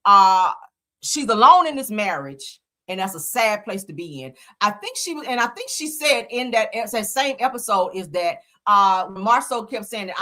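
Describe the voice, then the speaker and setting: Her medium-pitched voice swings widely in pitch, moving at normal speed and sounding pushed and bright. As host of a live show, she reads viewer comments aloud and gives blunt, profane reality-TV commentary, emphatic and often laughing.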